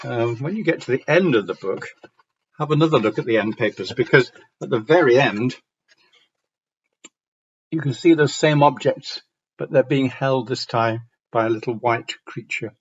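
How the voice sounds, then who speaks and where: A man from Yorkshire with a Yorkshire accent, giving a conference talk on reading aloud with clear diction and a slight storytelling lilt. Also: mid-range voice, normal speed, pauses often, lo-fi sound. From Yorkshire, northern England. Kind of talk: lecture with read-aloud examples.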